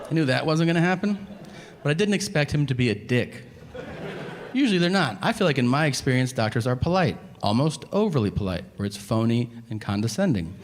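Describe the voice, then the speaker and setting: A man's voice: medium pitch, very animated, a little fast. A man doing a stand-up set, telling a self-mocking, profane story and acting out both sides of a conversation. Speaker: stand-up comedian. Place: theater stage before a laughing audience. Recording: live hall with reverb and crowd noise.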